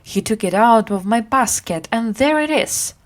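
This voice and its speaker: A woman voicing a market woman in a storybook reading, slow and sharp. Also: on the high side, lively intonation, natural voice. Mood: outraged. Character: indignant market woman with a basket.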